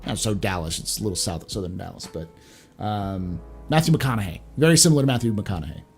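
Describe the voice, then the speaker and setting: A man's voice: on the low side, animated, fast talker, creaky, husky, faint music behind. A man hosting a live stream, chatting casually and often stumbling over and repeating his words.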